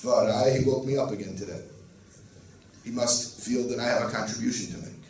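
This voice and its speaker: A rabbi gives an earnest Torah lecture, mixing Yiddish and Hebrew terms into his English. His voice sits at an ordinary pitch for a man. He is recorded from a distance in a roomy space with a faint hiss underneath. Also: fairly quick, a little mellow.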